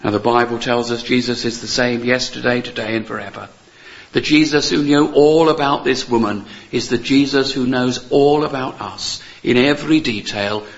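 A man's voice: mid-range voice, creaky, muffled recording. A man preaching a sermon in an earnest, emphatic way, repeating key phrases and asking rhetorical questions.

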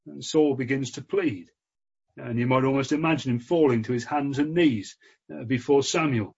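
Husky-voiced male preacher. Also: medium pitch, a little mellow. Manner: earnest, measured, with frequent "uh" fillers. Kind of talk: sermon. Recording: dull lo-fi recording.

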